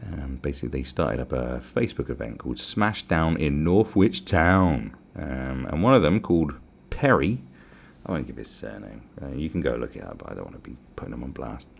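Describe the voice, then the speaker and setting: A man's voice: very deep voice, animated, moderate pace, gravelly, breathy edge. A man with a British accent hosting a podcast, ranting in a casual, profane, sarcastic way. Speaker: podcast host.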